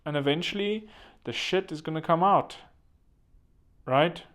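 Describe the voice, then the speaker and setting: A man's voice: a little high, measured pace, fairly bright tone. Man, show host, comedic self-help monologue, rambling crude jokes, self-mocking.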